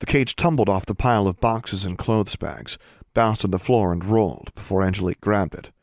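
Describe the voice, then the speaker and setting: A man narrating an audiobook in a steady, measured reading. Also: on the low side, no echo, studio quality.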